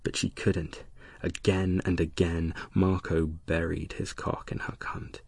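A man narrating an erotic audiobook in a slow, hushed, lingering delivery. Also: deep voice, level tone, vocal fry, husky, dry recording.

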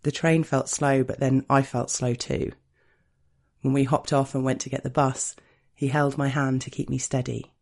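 A man narrates an erotic first-person story in an unhurried, hushed, confiding manner. His voice is dark and mellow, with a gravelly fry running through it. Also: medium pitch, flat delivery. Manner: slow, intimate, hushed storytelling.

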